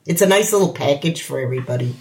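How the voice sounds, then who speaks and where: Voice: mid-range voice, expressive, quick pace, darkish tone. A host chatting in an easygoing, conversational way during an interview. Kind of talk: casual interview chat.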